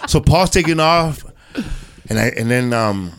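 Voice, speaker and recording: A man's voice: medium pitch, lively intonation, a little slow, clear, resonant tone. A man telling a rambling comedy anecdote in casual chat, full of slang like "bro" and "man.". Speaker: guest comedian.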